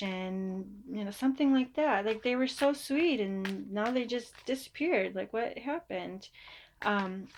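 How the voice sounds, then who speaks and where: A woman's voice: on the high side, unhurried, slight background noise. A woman giving a casual, chatty tarot reading. She reassures her listeners and now and then mimics them in a mock voice. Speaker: tarot reader.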